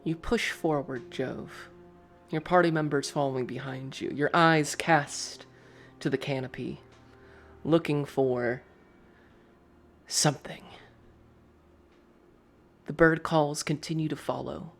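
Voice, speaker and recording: A man's voice: a little high, fairly even intonation, slow, pauses often, faint music behind. A man narrating a tabletop game as game master, describing scenes in the second person. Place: live stream.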